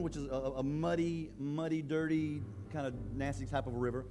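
A male pastor preaching a sermon in a church, in a conversational, halting way that often repeats words. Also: on the high side, fairly even intonation, darkish tone, faint music behind.

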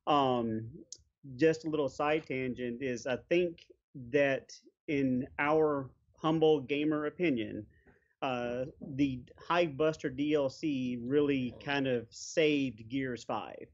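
A man's voice: mid-range voice, slow pace, dull audio. A man hosting an interview, steering the questions and recounting a gaming session with a friend. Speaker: podcast host.

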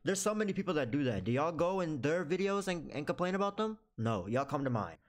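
A man's voice: a little high, sing-song, fast talker. A man ranting in a casual reaction vlog as a YouTuber, with a sarcastic, mocking manner.

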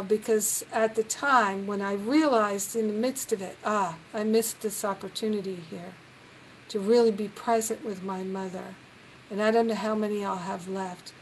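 A woman leading a reflective spiritual talk on a live group call, gentle and earnest, now and then acting out the voices she quotes. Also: mid-range voice, slight background noise, rough recording.

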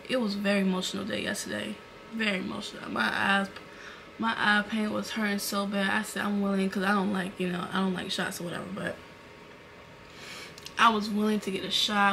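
Speaking at a medium pitch with a creaky quality, a young woman vlogs from home, animatedly and casually recounting an emotional story with lots of fillers. The camera mic picks up a little hiss or hum indoors.

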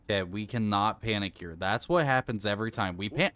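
A man streams a video game live, with a somewhat low, everyday voice. He narrates his own moves, urges himself to stay calm, and curses when the game beats him. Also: fairly quick, no room sound. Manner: frustrated, swearing, coaching himself aloud. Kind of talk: casual live-stream commentary.

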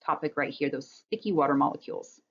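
A woman biology instructor gives a recorded slide lecture, talking fast in a low, breathy voice. She explains things step by step in a conversational way, and the audio from her webcam or computer mic sounds dull.

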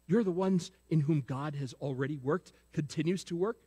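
A sermon comes from a pastor whose voice is on the high side, mellow with a breathy edge, at a moderate pace. He asks the congregation questions repeatedly and prompts them to answer, his words echoing with the long reverb of a church sanctuary.

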